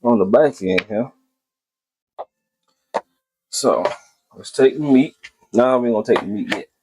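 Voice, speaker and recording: A man's voice: medium pitch, unhurried, a little mellow, slight background noise. A man hosting a casual cooking video, talking to viewers as he cooks and often repeating his phrases.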